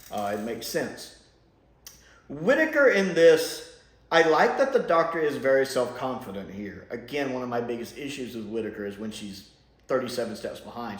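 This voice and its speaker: Sarcastic man with a lively, echoey voice. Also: mid-range voice. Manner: blunt, sarcastic, mocking impressions. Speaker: TV episode reviewer. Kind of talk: casual spoken review. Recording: echoey room.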